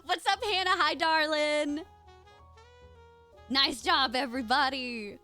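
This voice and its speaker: A woman's voice: sits high, slow pace, pushed and bright, faint music behind. A young adult woman streaming live, chatting casually and greeting viewers by name in a bubbly way.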